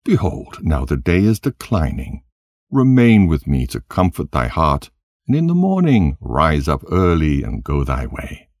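A man voicing a cunning, greedy dream interpreter who talks smoothly and insists on payment. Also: very deep voice, huge pitch swings, measured pace, a little mellow, dry recording, studio quality, full character voice. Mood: coaxing.

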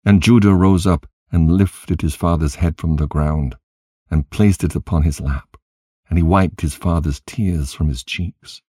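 A man reads scripture aloud in a solemn, measured way. His voice is deep and mellow with a husky edge, the pace unhurried, and the recording is dry and close. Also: no echo. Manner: solemn, measured reading in archaic wording. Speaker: narrator.

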